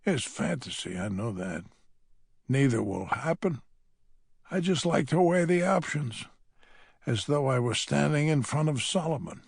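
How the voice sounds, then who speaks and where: Slow gravelly man, wry audiobook narration. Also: medium pitch, animated, no room sound, studio quality. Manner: wry, grumbling. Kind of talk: scripted first-person audiobook narration.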